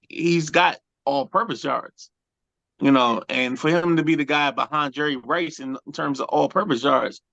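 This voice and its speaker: Gravelly guy on a sports talk show, kinda high voice, arguing hard, keeps saying hold on. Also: a bit bright, muffled recording. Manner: interrupts, repeats "hold on". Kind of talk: heated sports debate.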